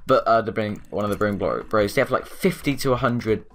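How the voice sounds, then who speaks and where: A man giving chatty let's play commentary, rambling and excitable, with frequent exclamations. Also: fairly low pitch, brisk. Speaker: gaming YouTuber.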